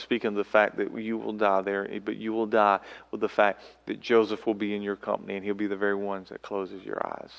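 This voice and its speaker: A man preaching a sermon as pastor, animated, voicing scripture quotes with sudden loud calls. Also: lowish voice, fairly quick, vocal fry, hardly any pauses, lo-fi sound. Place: church sanctuary. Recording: long church hall reverb.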